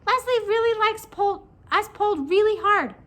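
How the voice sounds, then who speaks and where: A woman's voice: very high voice, animated, moderate pace, a bit bright, pitched above the performer's own voice. A woman voicing a cheeky talking pigtail that keeps coaxing and whining in a storybook reading. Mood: wheedling. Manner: wheedling, coaxing. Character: cheeky pestering talking pigtail, small and squeaky.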